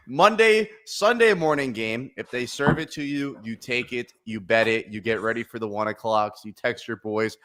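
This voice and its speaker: A man's voice: lowish voice, normal speed, fairly bright tone. A man hosting a casual sports betting podcast, crude and joking. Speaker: podcast host.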